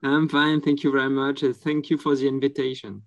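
A man with a French accent answers interview questions in his second language. His voice sits at a middling pitch. He speaks hesitantly, sprinkling uhs while he reaches for words. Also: little pitch movement, brisk, highs cut off. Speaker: journalist guest.

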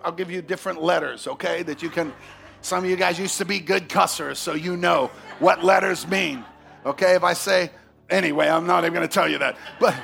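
Gravelly high-voiced preacher man. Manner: animated storytelling, swings from hushed to shouting. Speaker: pastor. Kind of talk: sermon.

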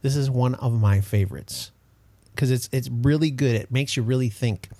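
A man co-hosting a casual podcast, telling stories in an animated, exasperated way. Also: mid-range voice, moderate pace, dry recording. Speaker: co-host.

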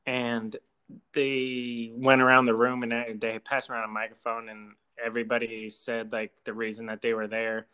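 A man's voice: medium pitch, completely flat delivery, normal speed, bright, forceful tone, clear, resonant tone, poor audio. A young man casually telling a long story on a podcast, loose and profane, full of fillers. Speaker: storyteller guest.

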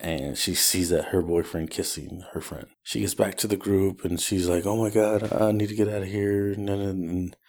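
A man's voice: deep voice, steady tone, moderate pace, hardly any pauses, a little mellow. A man hosting a podcast alone, telling a rideshare story in a rambling casual way with many fillers. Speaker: podcast host.

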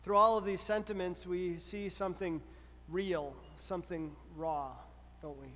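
A man preaching a sermon in an earnest, measured way, often pausing to ask rhetorical questions. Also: sits high, fairly even intonation, a bit bright, big-room sound. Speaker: pastor.

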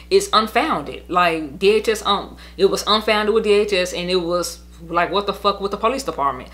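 Woman podcaster, bright forceful voice, rambling and profane, lots of "like" fillers. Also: on the low side. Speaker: podcast host telling her own story. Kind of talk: casual venting monologue.

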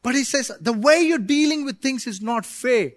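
A man with a strikingly high voice delivers a sermon as a pastor. He preaches with animation, drops playful asides and acts out prayers to God. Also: animated, moderate pace, dry recording, clean studio sound.

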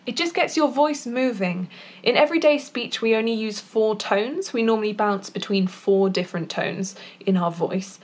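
A woman's voice: fairly high pitch, moderate pace. A woman who is a voice actor and poet, giving performance tips in a chatty, informal way, now and then demonstrating exercises with her voice. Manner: chatty, with fillers and small laughs, demonstrating vocal exercises. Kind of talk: casual instructional talk.

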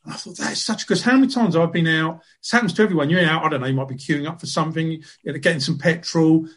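Brief: male podcast host, fast and husky, swears freely. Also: fairly high pitch. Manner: quick, animated, swearing freely. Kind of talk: casual conversation.

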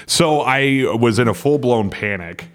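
A man hosting a podcast in a casual group chat, animated and incredulous, swearing often. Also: medium pitch, measured pace. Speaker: podcast host.

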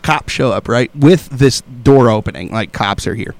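A man's voice: medium pitch, animated, moderate pace, no echo. A young man telling a wild story in casual chat, laughing often and acting out voices and sounds.

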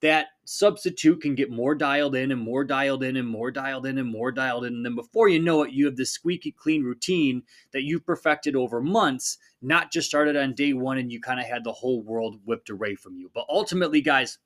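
A man in his thirties talks through a solo fitness podcast in an easy, mid-pitched voice. He sounds like a coach giving a pep talk, upbeat and conversational, and he slips into quick quoted voices as he goes.

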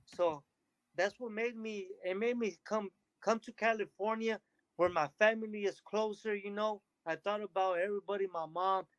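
A man talking as a podcast guest, telling energetic stories and acting out what others said to him. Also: sits high, moderate pace, no echo, muffled recording. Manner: energetic storytelling, quotes others in lively bursts. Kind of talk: casual interview chat.

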